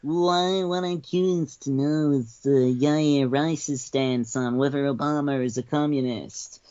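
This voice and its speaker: A man's voice: medium pitch, fairly even intonation, measured pace, darkish tone, smooth, no echo, muffled recording, lightly acted. A man doing an impression of a pompous male conservative pundit who spins conspiratorial claims.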